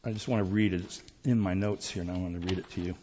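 A middle-aged man preaching a sermon, emphatic and repetitive, swinging between loud and quiet phrases. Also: low voice, fairly even intonation, fast, a little hiss or hum. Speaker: pastor. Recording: dull sound with long hall reverb.

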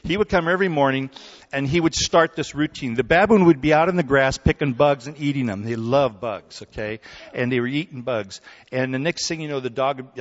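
A man preaching a sermon in a relaxed, conversational way, telling stories and often checking in with his listeners. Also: medium pitch. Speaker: pastor. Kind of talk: sermon with storytelling. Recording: dull recording in a hall with long reverb.

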